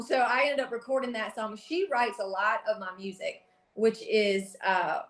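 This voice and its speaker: A woman's voice: medium pitch, moderate pace, roomy sound. A young woman from South Carolina with a heavy Southern accent, a country singer chatting as a guest in a bubbly, gushing way with frequent laughs. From South Carolina, USA. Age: young adult. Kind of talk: casual interview chat.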